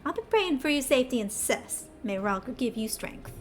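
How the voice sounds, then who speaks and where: A middle-aged male schemer drawls in a heavy Southern US twang, blunt and rough-spoken, as a woman voices him while reading game dialogue. The voice sits fairly high. Faint music plays underneath. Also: sing-song, normal speed. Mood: earnest.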